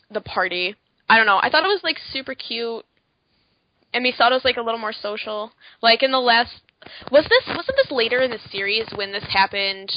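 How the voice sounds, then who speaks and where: A woman co-hosting a podcast in casual chat, rambling with lots of fillers and quick asides. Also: fairly high pitch, no echo, highs cut off. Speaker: podcast co-host.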